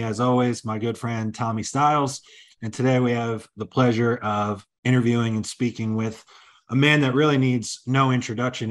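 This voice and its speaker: A man hosting a casual podcast, upbeat and friendly, asking long questions with frequent restarts. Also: mid-range voice. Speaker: podcast host.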